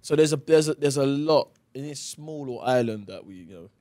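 A man's voice: mid-range voice, animated, brisk, warm tone, no echo. A man with a South London accent, a guest chatting casually in a radio interview and rambling with lots of "you know". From England. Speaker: actor guest.

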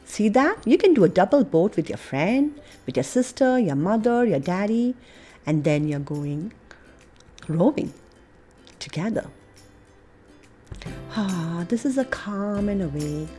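American woman, preschool teacher, slow unhurried kids' yoga story, lively swoops, faint music behind. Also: mid-range voice. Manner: animated, playful, coaxing, with soft breathy asides. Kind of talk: reading a picture book with yoga poses for children.

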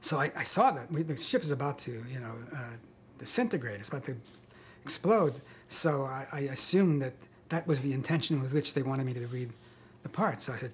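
An older man recounting his acting days in an interview. He is wry and self-mocking, pausing and chuckling as he goes, his pitch in the middle range. Faint noise sits behind him. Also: lively intonation. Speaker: interviewee, actor. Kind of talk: relaxed interview storytelling.

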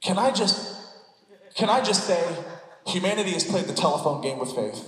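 A man's voice: sits high, animated, a little slow, pauses often, a bit bright, reverberant, big-room sound. A man preaching a sermon as a pastor. He asks the congregation rhetorical questions and builds in passion as he goes. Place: church sanctuary.

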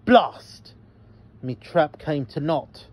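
A man voicing a loud, rude, bossy girl in a storybook reading. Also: a little high, lively intonation, takes it slowly, lo-fi sound. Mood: gloating. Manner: brash, bossy.

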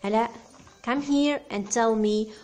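Slow, patient woman teaching beginners. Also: on the high side, darkish tone. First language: Arabic. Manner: slow, patient, asks "okay?" often, spells words. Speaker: English teacher. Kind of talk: beginner language lesson.

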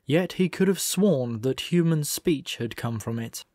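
A man reading a comic novel aloud as audiobook narrator, in a measured, dry storytelling manner. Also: a little high, lively intonation, a little mellow, no echo. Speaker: audiobook reader. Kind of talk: scripted narration.

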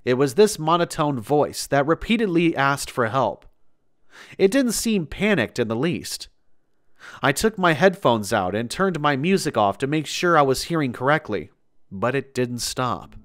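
A man narrating a first-person scary story in a measured, steady storytelling voice, reading it as a scripted tale. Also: a little high. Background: faint background music.

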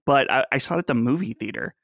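Gravelly, lively podcast host. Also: male voice, medium pitch, fast talker, dry recording, clean studio sound. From Western Pennsylvania. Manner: chatty, joking, animated. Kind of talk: casual podcast chat.

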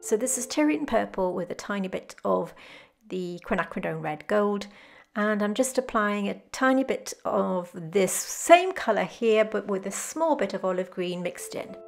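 Woman painting teacher, gentle and unhurried, slight vocal fry, soft music underneath. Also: medium pitch, animated. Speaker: botanical art teacher. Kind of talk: calm step-by-step painting tutorial. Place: home studio with glass roof.

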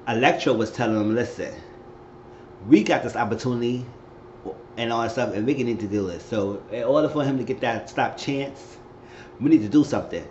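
A man casually recapping a TV episode, acting out the characters' lines with sudden high squeals. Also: slight background noise. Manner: animated retelling, acting out quotes with high squeals. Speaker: recap host. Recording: echoey room, dull lo-fi sound.

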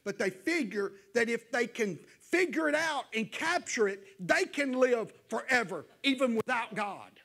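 A man preaching, with a voice that sits unusually high for a man. His delivery is folksy and conversational, and it rises into fervent, raised appeals to his church congregation. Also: expressive, measured pace, hardly any pauses, fairly bright tone. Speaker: pastor. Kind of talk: evening sermon to a church congregation.

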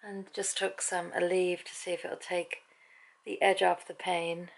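A woman's voice: fairly low pitch, little pitch movement, measured pace, vocal fry, poor audio. A middle-aged British woman chatting candidly to her viewers at home in a daily vlog. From Britain. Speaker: vlogger. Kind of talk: casual daily vlog chat.

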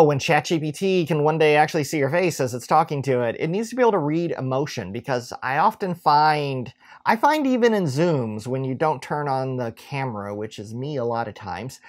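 A middle-aged man walks through a coding tutorial in a relaxed, chatty way, poking fun at himself as he goes. His pitch swings freely up and down, and he often stops and restarts a phrase mid-sentence. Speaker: instructor.

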